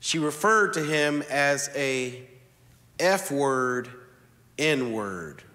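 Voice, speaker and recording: A man's voice: medium pitch, lively intonation, sharp tone. Storytelling preacher man in a reverberant church. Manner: storytelling preacher with slow, deliberate emphasis. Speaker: pastor. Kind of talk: sermon. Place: church sanctuary. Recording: long reverb of a large church hall.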